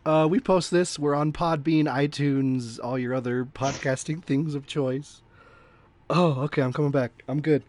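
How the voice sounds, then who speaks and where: A man's voice: on the high side, fairly even intonation, unhurried, darkish tone. A laughing, playful male podcast host. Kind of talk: casual podcast chat.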